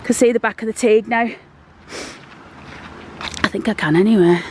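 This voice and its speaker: A woman's voice: fairly high pitch, normal speed, darkish tone, slight background noise. Breathless woman vlogging. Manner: chatty, rambling, down-to-earth. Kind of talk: casual walk-and-talk vlog. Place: outdoors, walking through town. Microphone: handheld phone.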